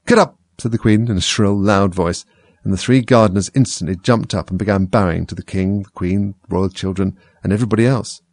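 Male storybook narrator: husky, expressive, dry close recording. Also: low-pitched, a little fast, no echo. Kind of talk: storybook reading.

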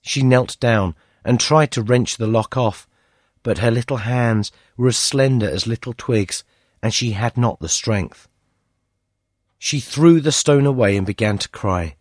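A man narrating a story, reading in a measured, expressive way with a husky voice. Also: mid-range voice, dry recording, clean studio sound.

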